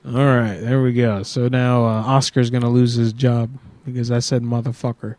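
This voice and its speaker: A man from Puerto Rico doing a prank call on a livestream, swearing crudely with loud, angry outbursts. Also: mid-range voice, level tone, moderate pace, poor audio. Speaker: prank caller and streamer.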